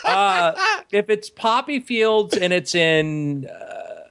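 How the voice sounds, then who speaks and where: A man co-hosting a casual comedic chat, thinking aloud hesitantly and speculating with a deadpan air. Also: high voice, takes it slowly, vocal fry, smooth. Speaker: podcast co-host.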